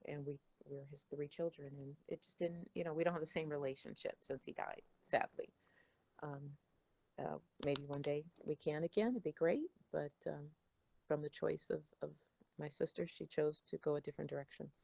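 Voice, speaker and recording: A middle-aged woman as an interview guest, chatting casually and telling animated stories. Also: low-pitched, moderate pace, vocal fry, no echo. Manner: animated storyteller, acts out her father's voice. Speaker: interview guest, daughter of a songwriter.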